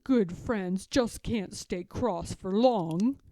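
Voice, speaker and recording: A woman's voice: mid-range voice, extremely slow, mellow, pitched below the performer's own voice. A woman voicing a fussy, easily flustered male hippo in a read-aloud picture book, with dramatic exclamations. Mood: warm.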